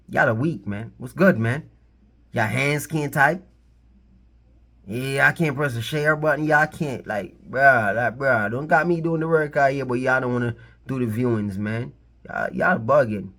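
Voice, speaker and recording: A man with a medium-pitched, slightly bright voice hosts his own channel. He rambles casually about the music scene, repeats himself, and playfully pleads with his viewers.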